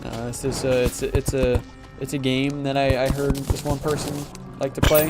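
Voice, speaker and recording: A man's voice: medium pitch, flat delivery, moderate pace, over loud music. A man casually commentating a game livestream, joking and sarcastic, rambling with lots of fillers, sleepy and yawning. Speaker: gaming livestreamer.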